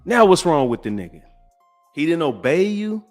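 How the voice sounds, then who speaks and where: A man in his forties hosting a podcast, ranting bluntly and profanely, jumping from loud outbursts to low, sighing asides. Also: very animated, normal speed, soft background music. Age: 40s. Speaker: podcast host. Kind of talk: ranting commentary.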